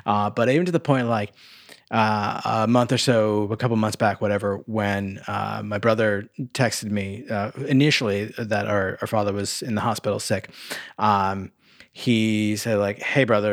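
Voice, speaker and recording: A podcast co-host chats casually, rambling with many fillers and restarts. His voice sits on the low side, and the clean studio sound has no echo.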